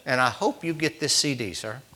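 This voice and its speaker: Southern preacher doing a strict young wildlife officer, twang, sharp voice. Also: male voice, medium pitch, moderate pace. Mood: stern. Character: young male wildlife officer, stern and by-the-book.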